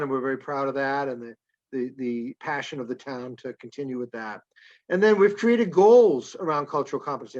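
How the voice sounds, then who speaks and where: Man with a tiring voice at a meeting. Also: medium pitch. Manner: halting, many fillers and restarts. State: losing his voice. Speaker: school superintendent. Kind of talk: public meeting presentation. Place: town meeting room. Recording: dull lo-fi meeting recording.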